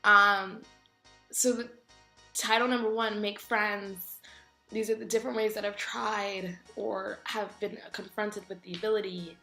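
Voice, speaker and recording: A young woman vlogger telling funny stories in a casual, animated way, acting out voices from them. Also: medium pitch, measured pace, reverberant, faint music behind. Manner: animated, jokey, acts out voices in her stories. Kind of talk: casual storytelling vlog.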